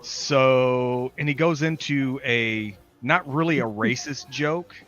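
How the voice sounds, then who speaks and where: A man's voice: mid-range voice, takes it slowly, fairly bright tone, muffled recording. A man chatting casually on a podcast, hesitant and often trailing off mid-sentence. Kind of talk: casual chat.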